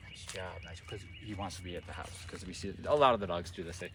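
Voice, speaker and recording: A man working as a dog trainer, explaining his methods in a relaxed way outdoors and often checking in with "right?". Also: low-pitched, fast. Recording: distant mic outdoors, faint background noise.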